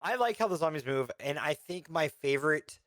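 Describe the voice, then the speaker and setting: Casual podcast co-host, young man, lively swinging delivery, dry close sound. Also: fairly high pitch, brisk, no echo. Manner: animated, playful, lots of restarts. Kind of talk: casual chat. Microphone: remote call over voice chat.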